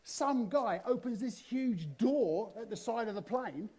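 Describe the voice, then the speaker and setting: A man voicing an excitable young male footballer, rushing his words in excitement. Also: very high-pitched, slightly rough, pitched above the performer's own voice, heavily acted. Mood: excited.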